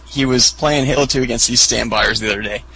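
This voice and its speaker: A man co-hosting a podcast, chatting casually and rambling through stories with many fillers. His voice has a gravelly, creaky edge. A faint hiss of noise sits under the recording. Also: fast talker, sharp tone, rough recording. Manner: rambling storyteller who acts out quotes in high squeaky voices. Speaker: podcast co-host. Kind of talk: casual chat.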